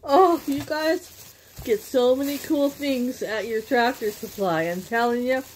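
A Canadian vlogger chats casually while unpacking a gift package, gushing and laughing often as bags and packaging crinkle. Her voice is on the high side at a measured pace, with slight background noise.

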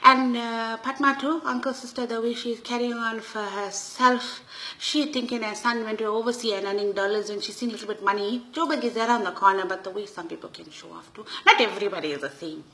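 A woman with a Durban South African Indian English accent, telling a comic story in a gossipy, animated auntie manner. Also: fairly high pitch, fairly quick, poor audio. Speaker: comedic storyteller. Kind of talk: comic monologue in character.

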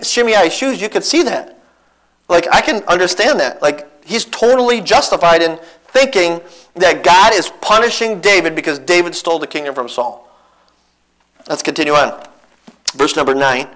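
A man preaching a sermon in a church as a visiting missionary, telling a Bible story with earnest, animated restarts. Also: on the high side, low-quality recording. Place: church sanctuary.

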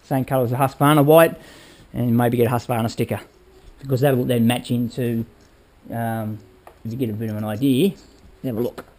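A man shows off his motorbike project in his workshop, talking loosely and pointing things out as he goes. His voice sits at an ordinary middle pitch. He keeps checking in with the viewer in a casual, unscripted way. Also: a little mellow, slight background noise. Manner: rambling, hands-on, addresses viewers with "all right?". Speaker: motorbike build vlogger. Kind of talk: casual workshop how-to talk.

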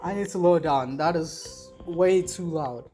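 A young woman giving excitable, self-deprecating commentary while playing a video game on a headset mic. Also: on the low side, unhurried, soft background music. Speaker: gaming channel host. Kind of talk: let's play commentary.

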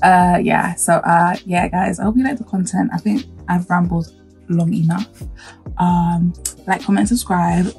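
A woman with a husky voice, talking casually in a gaming reaction vlog and breaking into excited exclamations before rambling on. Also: lowish voice, unhurried, faint music behind. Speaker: gaming YouTuber.

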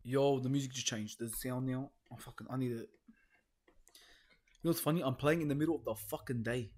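A man's voice: mid-range voice, steady tone, brisk, a little mellow. A young man commenting nervously on a horror game he plays alone at home, swearing and hesitating. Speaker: gaming video host.

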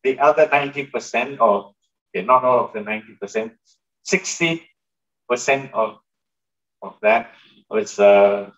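A man's voice: fairly low pitch, creaky, fairly bright tone, lo-fi sound. A male pastor giving a sermon in a conversational way, turning to the congregation with asides and questions. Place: church hall.

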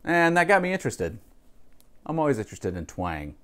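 A man's voice: on the high side, sing-song, fairly quick, a bit bright. A man chatting casually to camera about music he bought, rambling with asides and fillers. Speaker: vlogger, record collector. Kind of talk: casual music haul vlog.

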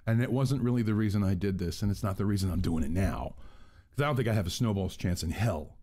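A man's voice: deep voice, fast talker, dark tone. A man hosting his own channel, ranting in a rambling, profane, exasperated way, recorded on an earbud mic. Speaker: channel host. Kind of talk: casual vlog rant.

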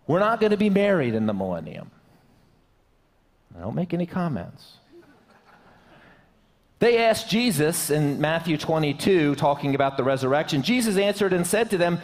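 High-voiced joking pastor in a hall. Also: male voice, lively intonation, moderate pace. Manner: joking, conversational preaching. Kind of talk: sermon. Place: church sanctuary.

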